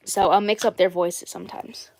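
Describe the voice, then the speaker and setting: A woman's voice: medium pitch, a little mellow, slight background noise. A woman hosting her own live stream in a casual chat, rambling and repeating herself often. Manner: rambling and repetitive. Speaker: channel host.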